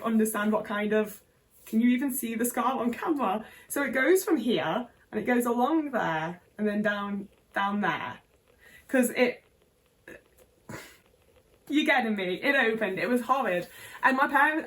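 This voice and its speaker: A woman's voice: fairly high pitch, fairly bright tone, recorded from a distance, poor audio. A young English woman vlogger telling a personal story to camera, candid and sweary, with lots of "like".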